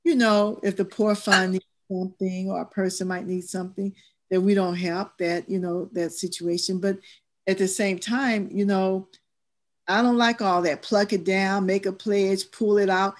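A woman's voice: mid-range voice, fairly even intonation, normal speed. A woman who leads church stewardship, talking earnestly and emphatically in a church discussion class.

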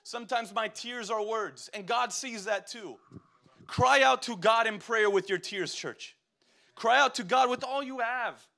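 A man's voice: very high voice, a little slow, creaky, sharp tone. A young man preaching a sermon, exhorting the church directly and asking call-and-response questions.

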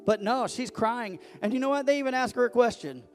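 A man's voice: extremely high pitch, brisk, faint music behind. A man preaching a sermon as pastor, talking conversationally and breaking into sudden emphatic rises.

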